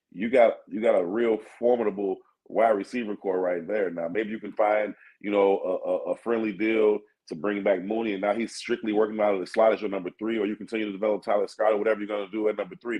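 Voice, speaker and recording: Male sports radio co-host, lowish voice, easygoing, filler-heavy delivery. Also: steady tone, fast talker, darkish tone, rough recording. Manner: laid-back, thinks aloud with many fillers. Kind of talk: casual sports talk.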